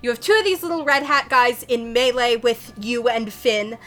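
A young woman running a tabletop game as game master, relaxed and full of ums as she describes the scene. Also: fairly high pitch, moderate pace, faint music behind.

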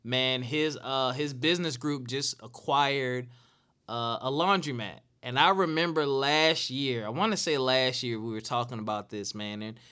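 Earnest man with a bright voice. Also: mid-range voice, unhurried, smooth. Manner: earnest, repeats phrases for emphasis. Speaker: podcast host. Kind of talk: casual solo talk.

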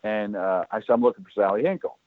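Low-voiced man telling stories over a tinny line. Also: quick pace, no echo. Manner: animated storyteller who acts out other people's lines. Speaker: guest telling career stories. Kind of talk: casual storytelling chat. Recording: tinny phone-like line, dry.

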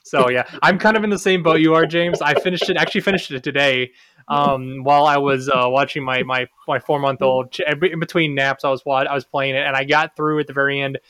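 A man hosting a casual podcast, animated and teasing, breaking into playful exclamations. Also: mid-range voice, brisk, clean tone, dry recording. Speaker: podcast host.

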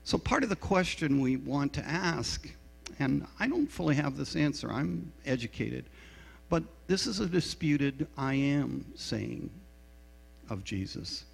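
A man's voice: mid-range voice, big pitch swings, measured pace, vocal fry, slightly rough. A middle-aged man preaching a sermon as a pastor, telling a story in a frank, self-deprecating way. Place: church sanctuary. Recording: reverberant hall with mains hum.

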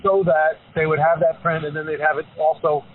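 A man with a fairly high voice hosts a podcast interview, asking questions and restating what his guest says. His voice comes through thin and tinny, with a faint hiss behind it. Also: level tone, brisk. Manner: probing, paraphrases guest's points. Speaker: podcast host. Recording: tinny phone-line sound with faint noise.

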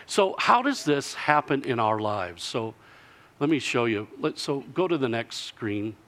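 A man preaching a sermon, telling a story with lively delivery and answered by the congregation. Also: medium pitch, measured pace. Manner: lively storytelling, acting out villagers in character.

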